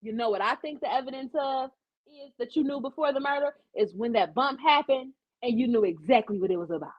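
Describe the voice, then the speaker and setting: A woman's voice: fairly high pitch, a little fast, muffled recording. A woman hosting a casual live-stream commentary show, blunt and profane, acting out the quotes she tells.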